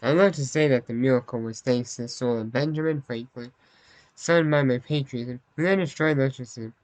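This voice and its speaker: A man reads and comments his way through a story game in a chatty, self-conscious manner. His voice sits at a middle pitch. The sound is close and dry. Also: brisk, a little mellow, no room sound, rough recording. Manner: apologetic, self-conscious aside. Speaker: gameplay narrator.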